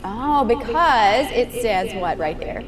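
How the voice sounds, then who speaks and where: Lively encouraging woman piano teacher. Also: a little high, slow pace, crowd noise. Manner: encouraging, asks guiding questions. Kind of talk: master class coaching. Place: room with a piano. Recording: piano music in the room.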